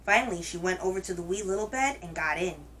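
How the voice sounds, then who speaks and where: A woman hosting a children's reading show, telling a picture book aloud in a gentle, expressive way. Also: on the low side, fast talker, slight background noise, low-quality recording. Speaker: children's story reader, host.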